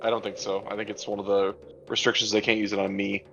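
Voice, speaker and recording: A man's voice: fairly low pitch, little pitch movement, quick pace, creaky, fairly bright tone, highs cut off. A man playing a tabletop game, grumbling and swearing about his bad luck in casual banter. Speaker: player. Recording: background music. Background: music.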